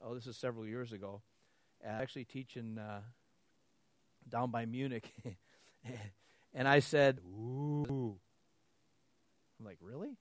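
A man's voice: medium pitch, measured pace, long pauses, no room sound. A man preaching a sermon, telling stories with laughter and acting out both sides of conversations. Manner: animated storytelling with laughs, acting out dialogue.

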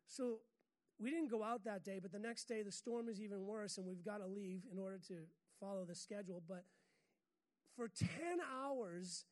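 Woman, from the United States, preaching, conversational sermon, humorous, laughs at her own stories, mid pitch. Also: moderate pace, a little mellow. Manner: humorous, chatty, laughs often.

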